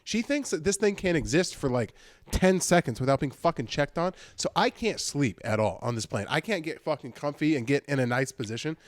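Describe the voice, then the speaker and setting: Podcast co-host, male, lively storyteller with a swinging pitch, a touch high, dry studio sound. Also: a little fast, no room sound. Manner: animated, swearing, mimics people in high voices. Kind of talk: casual chat, storytelling. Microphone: studio podcast mic.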